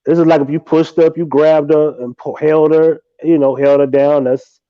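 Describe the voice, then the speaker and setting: A man's voice: on the high side, fairly even intonation, moderate pace, dry recording, muffled recording. A man co-hosting a livestream, arguing his points bluntly and with profanity. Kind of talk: casual chat.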